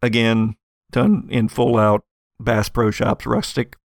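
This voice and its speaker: A man narrating as game master in an actual-play show, laid-back and halting with fillers. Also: medium pitch, level tone, creaky, dry recording, clean studio sound.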